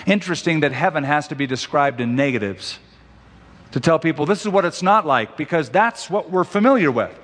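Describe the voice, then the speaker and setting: A male pastor delivering a sermon in a big church sanctuary, his voice carrying a long reverb. His pitch sits a little above most men's, and he draws out the scripture he quotes, slow and weighty. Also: animated, a bit bright. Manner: preaching, slows and stretches scripture quotes for emphasis.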